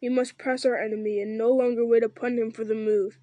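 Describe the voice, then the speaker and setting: A woman voicing a noble, weary male ranger-king in a solemn, measured reading with small slips. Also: a little high, steady tone, warm tone, no echo, highs cut off, lightly acted.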